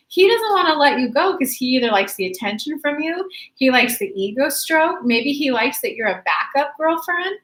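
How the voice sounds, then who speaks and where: A woman with a slightly raised voice coaches her viewers through their questions on a live stream. She is chatty and emphatic, and she talks to each person directly and warmly. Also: high-pitched, very animated, moderate pace, few pauses. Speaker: law of attraction coach.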